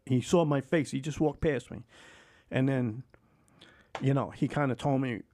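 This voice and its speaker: Older man, podcast guest, mid pitch; emotional, animated storyteller, swears. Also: normal speed, slight background noise. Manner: animated, acts out remembered dialogue. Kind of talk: candid storytelling interview.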